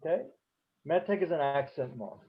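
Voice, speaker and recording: A man's voice: fairly high pitch, moderate pace, breathy edge, highs cut off. A man teaching a beginners' Hebrew class online, explaining patiently with frequent fillers.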